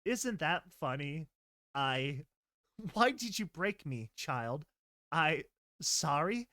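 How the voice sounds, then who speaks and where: Unhinged giggly pegasus mare, voiced by a man; high, singsong, obsessive repeats; dry close mic. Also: sing-song, takes it slowly, pushed and bright, dry recording, heavily acted. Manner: singsong, giggling, fixated repetition.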